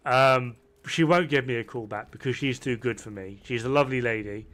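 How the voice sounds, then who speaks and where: A UK man talks at normal speed with hardly any pauses, his medium-pitched voice steady and fairly bright. He's chatting casually on a stream from a home room, camera off, tipsy on whiskey, rowdy, swearing and poking fun at himself.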